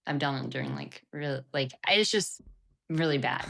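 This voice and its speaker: A woman's voice: a bass voice, normal speed, creaky, a bit bright. A woman co-hosting a podcast, telling a story in a chatty, laughing way full of fillers. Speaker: podcast co-host. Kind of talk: casual chat, storytelling.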